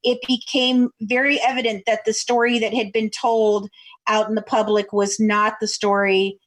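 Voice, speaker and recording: A woman from Kentucky, a true crime podcast co-host, chatting in an interview over a video call as a lively storyteller. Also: on the high side, moderate pace. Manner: chatty storyteller, acts out quoted voices. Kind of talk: casual interview chat.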